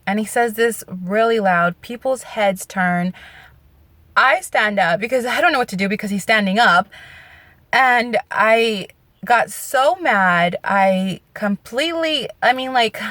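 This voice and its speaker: A woman's voice: fairly high pitch, unhurried, a bit bright, no echo. A woman telling a personal story in a vlog, earnest, candid and emotional. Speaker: vlogger.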